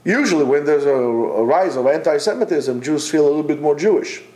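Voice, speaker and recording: Male Torah teacher with a high voice, rhetorical and insistent, informal class delivery. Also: lively intonation, brisk, darkish tone. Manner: emphatic, rhetorical, repeats points; talks directly to absent listeners.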